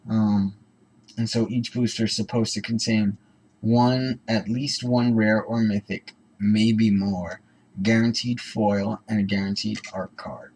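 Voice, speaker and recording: Gravelly low-voiced man rambling about cards. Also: a little mellow, low-quality recording. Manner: rambling, many ums and self-corrections. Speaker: card-opening channel host. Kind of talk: casual card-by-card commentary.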